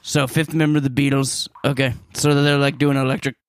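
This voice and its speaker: An actor playing a dream-stalking slasher as a goofy guest, rambling through improvised pitches and laughing at his own ideas. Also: little pitch movement, fairly quick, no echo, lightly acted. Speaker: guest in character. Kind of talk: improvised comedy interview.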